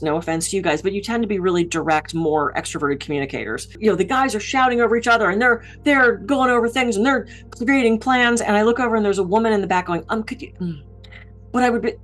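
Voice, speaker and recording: Middle-aged woman keynote speaker, direct and high-energy, mid-pitched voice, faint music underneath. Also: fast, hardly any pauses, fairly bright tone. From Pittsburgh, USA. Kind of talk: motivational talk to camera.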